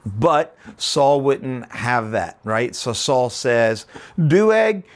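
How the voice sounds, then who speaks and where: Unhurried casual male Bible teacher. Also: medium pitch. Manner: conversational, retells scripture with quoted voices, many fillers and "right?".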